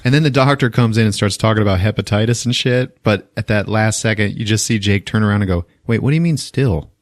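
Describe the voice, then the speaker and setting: A man's voice: on the low side, steady tone, fast, no room sound, studio quality. A man hosting a podcast, recapping a movie in a laid-back, swearing, laughing way. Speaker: podcast host.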